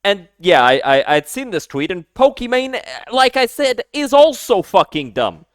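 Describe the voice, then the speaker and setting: Male streamer, casual live reaction, hot-tempered, animated delivery, dry close sound. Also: high voice, unhurried, dry recording. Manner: heated, swearing, loud sudden outbursts.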